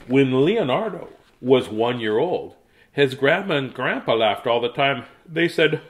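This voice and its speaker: A man's voice: mid-range voice, sing-song, moderate pace, fairly bright tone. A middle-aged man casually reading children's books aloud, with jokey asides between pages. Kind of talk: casual read-aloud to a live chat.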